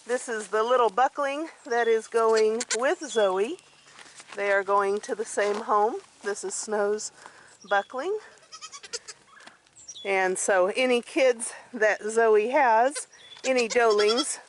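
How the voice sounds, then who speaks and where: A woman's voice: a little high, takes it slowly, long pauses. A woman vlogging casually outdoors on her goat farm, chatty and affectionate as she talks into a handheld camera. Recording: noisy outdoor farm, with goats bleating.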